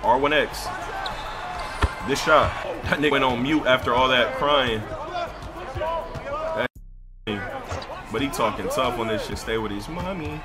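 A man's voice: medium pitch, a little slow, long pauses, over music. A man in live game voice chat, trash-talking and bossing his teammates around. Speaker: gamer streamer.

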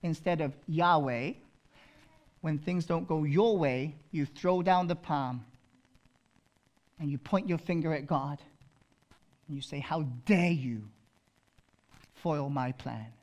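High-voiced, slow-preaching male pastor. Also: muffled recording. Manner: swings from loud proclaiming to hushed intensity; repeats phrases for emphasis. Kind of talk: sermon.

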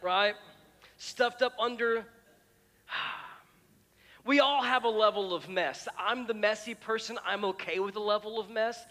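A man's voice: high-pitched, measured pace, pauses often, pushed and bright. A middle-aged man preaching a sermon as pastor, telling stories in a chatty way with many restarts and repeated words. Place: church auditorium. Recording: church hall reverb with music.

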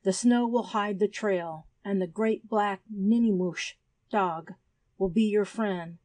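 A woman's voice: medium pitch, slow, darkish tone, dry recording, natural voice. A woman voicing an earnest young native boy who speaks in solemn, formal storyteller phrases in an audiobook. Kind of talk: audiobook character reading.

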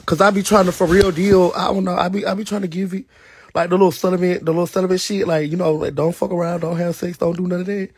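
A young man telling a gossipy story on a livestream, dramatic, with sudden high shrieks and whispers. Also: level tone, fast talker, a little mellow, husky, no room sound. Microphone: phone.

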